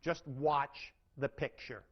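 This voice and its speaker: A man's voice: medium pitch, fairly even intonation, slow pace. A man giving a live sales training lecture, asking his audience questions and changing his emphasis and pace. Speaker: seminar speaker. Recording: dull lo-fi recording.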